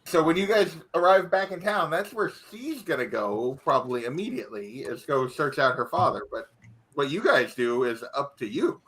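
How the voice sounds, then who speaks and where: Lively man running a tabletop game. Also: a little high, normal speed. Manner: casual, filler-heavy, laughs often. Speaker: game master.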